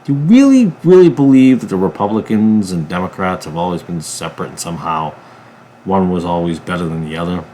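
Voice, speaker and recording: Emphatic low-voiced man preaching politics. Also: expressive, brisk, slight background noise. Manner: emphatic, swinging from loud bursts to low mutters. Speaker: ministry preacher. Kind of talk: political commentary monologue.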